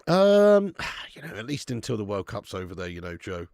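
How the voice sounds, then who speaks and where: Man, football watch-along streamer, gravelly voice, casual sweary banter with loud shout-outs. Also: lowish voice, very animated, moderate pace. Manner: casual and sweary, with loud bursts of hype thanking viewers. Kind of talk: live football watch-along chat reading out viewer tips.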